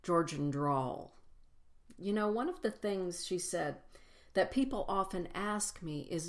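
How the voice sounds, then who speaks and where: A woman giving a personal spiritual talk to a congregation, speaking reflectively and building lists with slow, emphatic phrases. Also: fairly low pitch, lively intonation.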